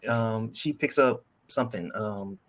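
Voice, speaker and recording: A woman's voice: a bass voice, measured pace. A woman leading a casual TV recap chat, setting up scenes with hesitant fillers before passing the question on. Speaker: podcast host leading the discussion.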